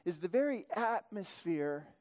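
Rambling male preacher, self-correcting, slightly high voice, hall reverb. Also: animated, unhurried, darkish tone. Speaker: pastor. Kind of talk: sermon.

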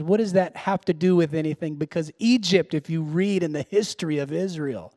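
Male pastor, high voice, dry close sound, sermon from hushed to shouting. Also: fairly quick, few pauses, dry recording. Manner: swings from hushed intimacy to shouted exhortation.

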